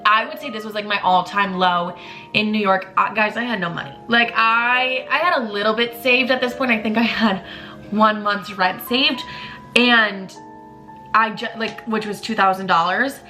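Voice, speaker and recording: A woman in her twenties tells a raw, confessional story in a bright, forceful voice and swears freely along the way. Her tone is emotional and unguarded. Faint music sits quietly under her voice. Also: mid-range voice, steady tone, normal speed. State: tearful at times. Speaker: vlogger. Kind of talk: candid storytime vlog.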